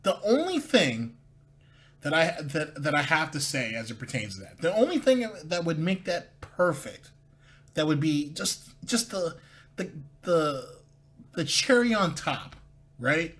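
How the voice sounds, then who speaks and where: A man commenting on video clips in a casual, sarcastic way. His voice sits a little high and swings up and down a lot. He trips over words and repeats himself as he searches for a point. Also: sing-song, unhurried, a bit bright. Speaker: commentary host.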